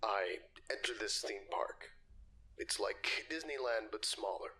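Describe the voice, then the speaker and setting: A man voicing a frightened interview subject who recalls a nightmare in a hushed, hesitant, half-whispered way. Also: on the low side, lively intonation, a little slow. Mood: uneasy. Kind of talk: audio drama reading.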